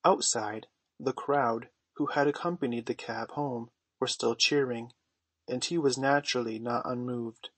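Brief: male storybook narrator, mid-pitched, gentle measured delivery, dry close-mic recording. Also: fairly even intonation, dry recording. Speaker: audiobook narrator. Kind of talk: storybook reading.

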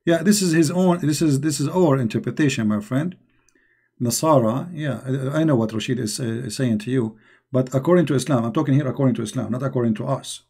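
A man's voice: medium pitch, brisk, mellow, husky. A man hosting a live online discussion, speaking in a mocking, emphatic and repetitive way, with non-native English grammar. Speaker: online debate host.

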